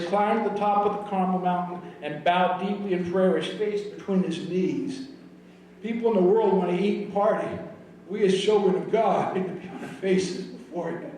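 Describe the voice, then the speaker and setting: A man preaching a sermon as pastor, telling a Bible story with animated, often shouted quotes. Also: high-pitched. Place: church sanctuary. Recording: very echoey hall, mic from far off.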